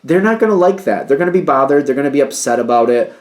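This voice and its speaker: A man's voice: mid-range voice, animated, fast talker. Rambling male tarot reader. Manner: rambling, intuitive, talks in hunches and energies. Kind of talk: casual tarot reading monologue.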